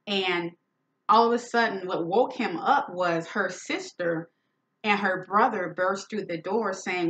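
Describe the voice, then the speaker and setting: A woman's voice: lowish voice, animated, moderate pace, fairly bright tone. A woman hosting a talk show, telling a story in an emphatic, indignant way and acting out the quoted dialogue. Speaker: podcast host. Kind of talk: storytelling monologue. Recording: dull lo-fi sound.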